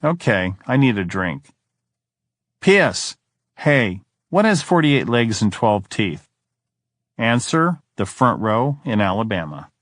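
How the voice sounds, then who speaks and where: A man's voice: on the low side, big pitch swings, slow, fairly bright tone, no echo. A man narrating an audiobook, reading diary entries in a weary, brooding first-person tone.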